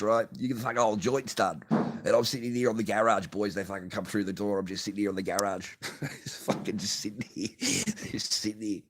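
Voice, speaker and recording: In his home garage, an Australian man vlogs a rambling, swear-filled story to camera, breaking into bursts of laughter. His voice sits fairly low, runs a little fast, and has a fairly bright tone. It's a casual, profane rant.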